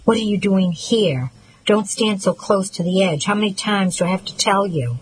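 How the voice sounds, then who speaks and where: A woman's voice: medium pitch, lively intonation, normal speed, a little hiss or hum, natural voice, rough recording. Woman reading as a tearful, slurring grown brother. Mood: confused. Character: grieving troubled adult brother, slurred speech.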